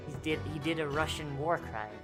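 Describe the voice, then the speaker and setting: A young woman hosts a game stream, her voice sitting low as she jokes and swears between reading out the characters' lines. She slips into playful voices for the dialogue. Game music plays clearly behind her. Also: a little fast. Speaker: VTuber streamer.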